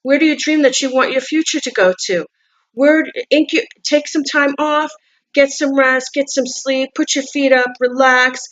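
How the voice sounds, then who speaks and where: A woman whose voice sits high and a bit bright talks at normal speed through dull audio, giving a casual tarot reading in a non-native English accent. She repeats herself often, restarts words, and asks coaxing questions.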